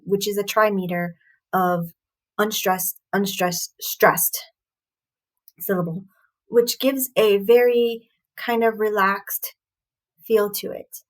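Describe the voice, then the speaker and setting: Slow, thoughtful woman explaining poetry. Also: mid-range voice, low-quality recording. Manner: halting, thoughtful, with many pauses and fillers. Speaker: poetry reviewer.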